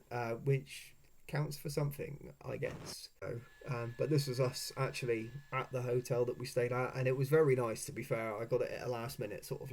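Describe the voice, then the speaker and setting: A young man recounts his road trip in a loose, chatty voice-over. He swears freely and laughs at his own stories. His voice sits at an ordinary middle pitch. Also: a little mellow. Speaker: vlogger. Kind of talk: casual storytelling voice-over.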